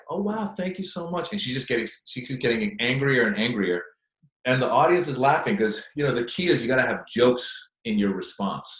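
A man, a stand-up comedian, answering interview questions in an animated, chatty storytelling way. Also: lowish voice. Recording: echoey room.

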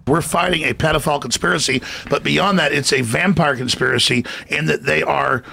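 A man with a gravelly, raspy voice, ranting in a talk-show clip that is played back from a distance. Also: fairly high pitch, a little fast, bright, forceful tone, full character voice. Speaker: archive soundbite.

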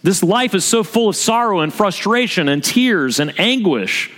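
Earnest preacher with a high-ish voice. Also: male voice, lively intonation, normal speed, a bit bright. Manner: earnest, asks rhetorical questions and repeats key points. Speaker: pastor. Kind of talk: sermon. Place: church sanctuary. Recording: long reverb of a church hall.

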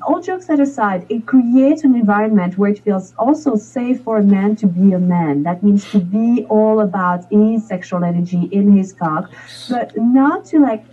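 A woman with a warm, mellow voice and a husky edge talks frankly and directly. She comes through a dull, muffled remote feed as a guest coach on a talk show. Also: medium pitch. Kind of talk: explaining tips on a talk show.

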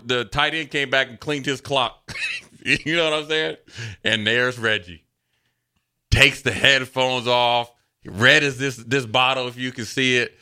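Spinning easygoing stories from his NFL days, a sports talk co-host speaks in a bright, forceful, middle-pitched voice. He's an animated, chatty storyteller who jumps into the voices of coaches and teammates.

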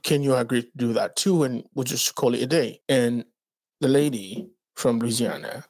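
A man's voice: medium pitch, moderate pace. A man from the Dominican Republic co-hosting a podcast, telling a story casually, acting out quotes and swearing freely. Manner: animated storyteller acting out quotes in raised voices. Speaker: podcast co-host.

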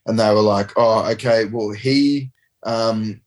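A man's voice: fairly low pitch, steady tone, slow pace. A man in his thirties, a rugby player, telling a rambling, laid-back story with casual swearing in an interview. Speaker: professional rugby player guest.

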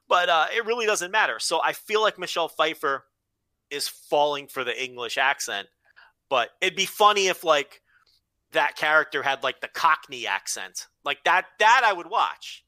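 A man co-hosting a podcast in casual chat, animated and profane, often slipping into quick impressions. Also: fairly high pitch, no room sound. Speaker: podcast co-host.

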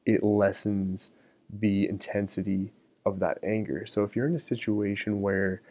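Unhurried and low-voiced, a middle-aged man chats casually on his solo podcast. He stays relaxed, sprinkling in many ums and you-knows.

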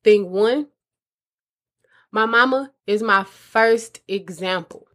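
A woman's voice: medium pitch, slow, fairly bright tone. A woman giving earnest, conversational advice to mothers as a host. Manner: earnest, conversational, addresses listeners as mamas. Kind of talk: casual advice talk.

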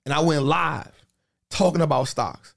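A man in a casual podcast chat, telling stories in an animated, slangy way and repeating phrases for emphasis. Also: on the high side, unhurried, gravelly.

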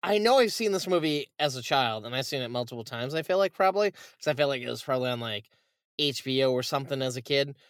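A man co-hosting a casual podcast, retelling a movie with animated, swearing storytelling. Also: medium pitch, fast talker, smooth, dry recording, clean studio sound. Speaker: podcast co-host. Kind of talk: casual chat.

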